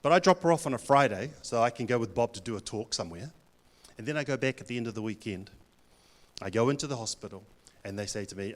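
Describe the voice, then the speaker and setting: A man's voice: medium pitch, a little fast. Nz guy doing a punchy jokey talk at a church event, plays to the crowd. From New Zealand. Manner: blunt, joking, plays to the crowd. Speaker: Pacific director, speaker. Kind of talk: talk to a live audience.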